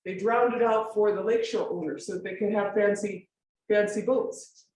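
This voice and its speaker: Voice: medium pitch, fairly even intonation, normal speed, a little mellow, a little hiss or hum. A forum speaker giving an informal public lecture with slides, emphatic and full of rhetorical questions, often checking that listeners follow. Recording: very echoey room, voice far from mic, faint ambience.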